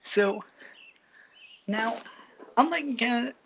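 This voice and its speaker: A woman telling a rambling fan-fiction story from home into a computer mic, halting and restarting often. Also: fairly high pitch, lively intonation. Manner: halting, full of restarts and fillers. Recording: lo-fi, faint hiss.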